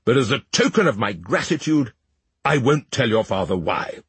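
A man's voice: mid-range voice, sing-song, moderate pace, a bit bright, breathy edge, no room sound, heavily acted. A man voicing a sly, cowardly young prince, in a read-aloud story. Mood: glib.

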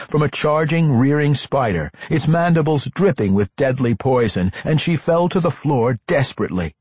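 Husky guy reading a fantasy audiobook, lively up-and-down delivery, dry close mic. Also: medium pitch, no echo. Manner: expressive, dramatic reading with character voices. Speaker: audiobook narrator.

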